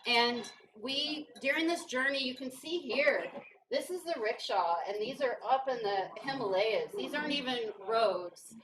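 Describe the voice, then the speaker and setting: Picked up by a distant mic with faint noise, a rural Kentucky woman speaks as a guest in an indoor brewery event room, telling funny, self-deprecating stories to an audience. Her voice is fairly high and unhurried, with crowd noise around her.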